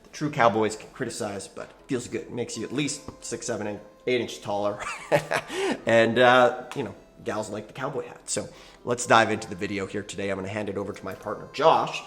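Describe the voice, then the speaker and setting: A man hosting his own channel, teaching investing to camera in an animated, folksy storytelling way. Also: fairly low pitch, fairly quick, faint music behind. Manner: animated, folksy, acts out quoted dialogue. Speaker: channel host, real estate investing educator.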